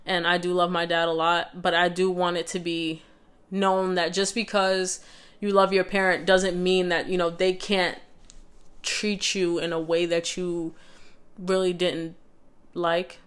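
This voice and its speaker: A woman's voice: lowish voice, flat delivery, a little slow, a bit bright, clean tone. A young woman vlogger telling a personal story in a casual, conversational way, with lots of fillers and restarts.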